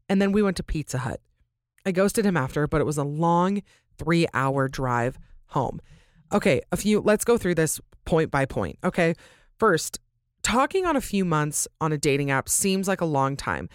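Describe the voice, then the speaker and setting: A young woman talks into a close, dry mic, hosting her podcast in a casual, chatty way. Her speech is sprinkled with "like", and her pitch jumps up when she gets animated. Now and then she clears her throat from allergies. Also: no room sound. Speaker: podcast host. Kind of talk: casual chat, reading listener stories.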